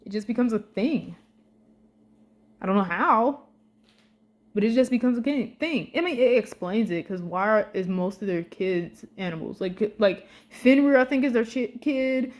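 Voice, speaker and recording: A young woman giving casual fan commentary, excitable and animated, swearing freely and talking in slang. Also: a little high, moderate pace. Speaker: vlogger.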